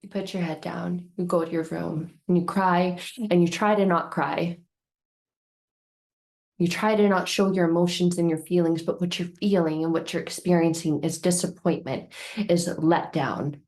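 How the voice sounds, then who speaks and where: A woman hosting a self-help talk, speaking earnestly and slowing down to stress key words. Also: lowish voice, steady tone, darkish tone. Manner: earnest, repetitive, slows down for emphasis. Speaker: self-help video host. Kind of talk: emotional storytelling monologue.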